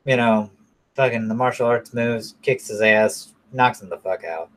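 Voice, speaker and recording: A man's voice: on the low side, normal speed, fairly bright tone. A man casually recapping a movie in a rambling, profane way, full of fillers and restarts. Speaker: movie reviewer.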